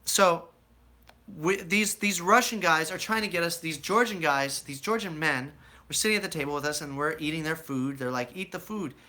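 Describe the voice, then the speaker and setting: A man's voice: fairly high pitch, normal speed. A young American man casually telling a rambling life story to his viewers, acting out voices as he goes. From United States. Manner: rambling, animated storyteller who acts out quoted voices. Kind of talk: casual storytelling to a live chat.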